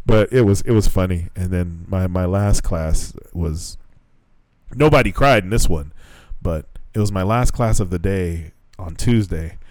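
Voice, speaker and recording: A man co-hosting a casual podcast chat, an animated storyteller who jumps way up in pitch when acting out quotes. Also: unhurried, no echo. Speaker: podcast co-host; English teacher at junior high schools.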